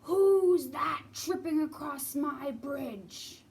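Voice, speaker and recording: Lady doing a slow loud grumpy troll, storybook style, kinda far from the mic. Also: creaky, full character voice. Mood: menacing. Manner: slow, drawn-out, booming threats. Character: mean bridge-dwelling troll, male, menacing.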